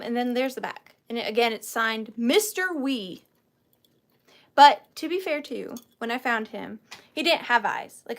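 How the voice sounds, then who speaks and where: A woman hosting a live online auction, chatting playfully and joking at her own expense. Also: on the high side. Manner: chatty, playful, self-mocking; counts down bids aloud.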